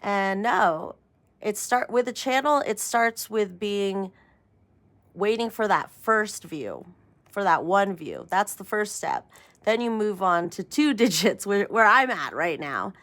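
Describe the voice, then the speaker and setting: A woman's voice: medium pitch, lively intonation, slow, fairly bright tone. A woman hosting her own tarot channel, chatting casually in a rambling way, laughing often and poking fun at herself. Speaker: tarot reader and channel host. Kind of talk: casual spiritual vlog chat.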